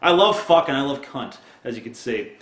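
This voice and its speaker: A man's voice: mid-range voice, lively intonation, moderate pace, fairly bright tone, reverberant. A man ranting crudely and sarcastically to camera in a casual video, laughing at his own jokes. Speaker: video blogger. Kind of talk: profane comic rant to camera.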